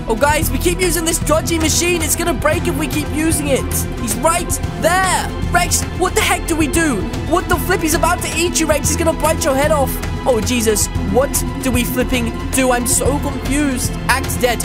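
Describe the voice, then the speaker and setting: A high-voiced woman gives breathless, excitable commentary over her game, constantly reacting with surprised exclamations. Soft music plays faintly underneath. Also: a little slow. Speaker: gamer.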